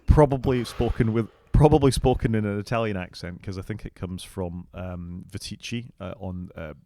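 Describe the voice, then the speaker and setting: A man with a fairly low voice co-hosts a relaxed tech podcast, weighing his points carefully with a dry, sceptical edge. The recording is close and dry, with no room echo. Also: normal speed. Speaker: podcast co-host. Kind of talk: casual tech chat.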